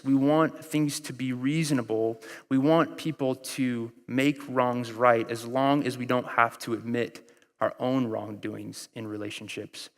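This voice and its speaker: American guy preaching, chatty storyteller, mid-pitched, big echoey hall. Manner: conversational preaching with storytelling and acted-out quotes. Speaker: pastor. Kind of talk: sermon.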